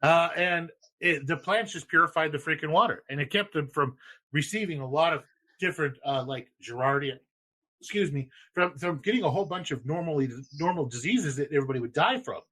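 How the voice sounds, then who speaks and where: A man hosting a casual podcast chat, swearing freely, laughing hard and rushing his words when excited. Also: on the high side. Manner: profane, laughs a lot, talks fast when excited. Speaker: podcast host.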